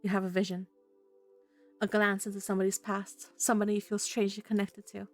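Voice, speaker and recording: A woman streamer reading a visual novel aloud with expressive, dramatic narration. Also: mid-range voice, fairly quick, faint music behind. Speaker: let's play streamer.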